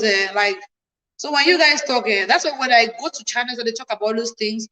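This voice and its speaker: A woman's voice: a little high, fairly bright tone, low-quality recording. Passionate woman in her thirties. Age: 30s. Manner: passionate, emphatic, voice rising when indignant. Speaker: livestream host. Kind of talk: emotional personal storytelling.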